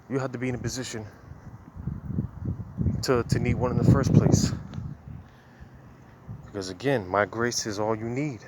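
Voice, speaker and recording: A man's voice: mid-range voice, a little hiss or hum. A man preaching casually outdoors while walking, a little out of breath, in a loose conversational way full of fillers.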